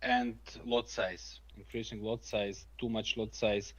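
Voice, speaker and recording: A man speaking halting, broken English on a casual live stream, with frequent pauses. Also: lowish voice, little pitch movement, muffled recording.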